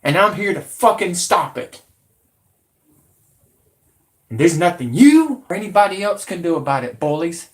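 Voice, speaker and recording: A man's voice: sits high, big pitch swings, normal speed, pauses often. A man, a channel host ranting angrily at his viewers, swearing and combative. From Alabama, USA. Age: 40s. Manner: profane, combative, shouting at viewers. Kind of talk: angry ranting monologue.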